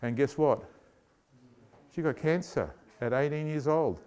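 A male preacher delivers a sermon with animated storytelling. He keeps asking his listeners questions, and his voice sits high for a man. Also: measured pace, pauses often, clear, resonant tone.

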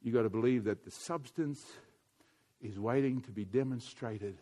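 A man preaching a sermon, swinging between quiet intimate passages and loud emphatic urging, often repeating his points. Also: mid-range voice, moderate pace. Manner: wide swings from hushed to loud, emphatic repetition.

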